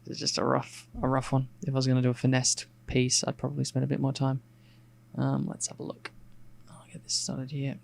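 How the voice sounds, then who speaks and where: A man from Australia with a gravelly, low-creaking voice, talking through a drawing as he works. His delivery stays flat and even, loose and rambling, and his accent is Australian with a bit of picked-up English polish. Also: fairly quick. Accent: Australian, with some English RP picked up. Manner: relaxed and rambling, thinking aloud with many fillers. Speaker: artist streaming a sketch. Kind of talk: casual narration while drawing.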